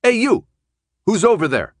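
A man voicing a loud, defiant teenage boy who yells and taunts in an audiobook. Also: medium pitch, very animated, brisk, no echo, clean studio sound, voice pushed up.

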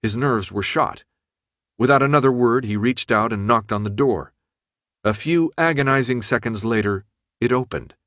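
A man reading a novel aloud as narrator, in a steady, measured manner. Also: mid-range voice, no room sound, studio quality. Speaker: audiobook narrator. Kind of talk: scripted narration.

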